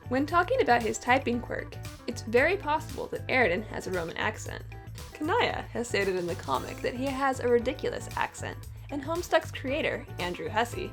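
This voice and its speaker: Young woman, scripted facts narration, very lively intonation, expressive, faint music behind. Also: fairly high pitch. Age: young adult. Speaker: co-host of fandom facts video.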